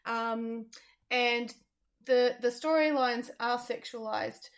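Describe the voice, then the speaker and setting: Female reviewer, slightly high voice, casual, hesitant, lots of fillers. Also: steady tone, takes it slowly. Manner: thoughtful, hesitant with many ums. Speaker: theatre reviewer.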